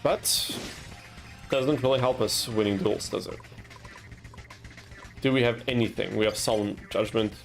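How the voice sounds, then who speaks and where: Gravelly young man streaming a game. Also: lowish voice, measured pace, pauses often, soft background music. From Austria. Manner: chatty, laughs at himself, yelps in frustration. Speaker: gaming streamer. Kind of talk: casual gameplay commentary with chat.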